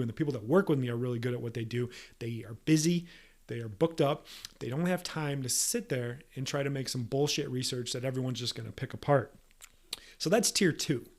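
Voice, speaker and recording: A fired-up male podcast host delivers a heated monologue. His voice sits at an ordinary middle pitch. He swears constantly and talks in a blunt, defiant, emphatic way. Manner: profane, combative, emphatic. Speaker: podcast host, soft tissue practitioner.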